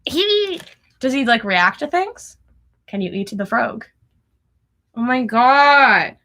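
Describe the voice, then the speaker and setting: A young woman hosting a casual livestream from home, chatty and excitable, breaking into giggles often. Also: fairly high pitch, takes it slowly. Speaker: livestream host. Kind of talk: casual live chat.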